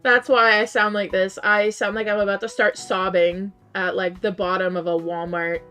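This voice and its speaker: While gaming, a woman casually talks with her chat, her strained, worn voice betraying that she's losing. She replies to messages and regularly spikes into high, incredulous outbursts. There's little pitch movement, normal speed, and a sharp yet smooth tone, with faint music underneath.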